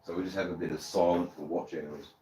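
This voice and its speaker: A man's voice: deep voice, fairly even intonation, quick pace, dark tone, a little hiss or hum. An Australian man hosting a casual live stream, rambling and swearing freely as he chats with his viewers. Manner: rambling, swears freely, many "you know"s.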